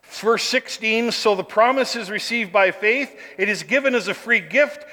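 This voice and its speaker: Emphatic high-voiced male preacher, reverberant hall. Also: normal speed, few pauses. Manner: emphatic, rises to shouted lists. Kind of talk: sermon.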